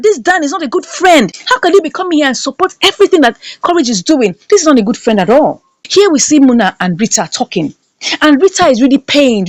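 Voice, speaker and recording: Woman, high pitch, very lively, dry close sound, emphatic movie recap. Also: dry recording. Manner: indignant, emphatic, repeats lines for effect. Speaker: movie reviewer. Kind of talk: animated movie recap and commentary.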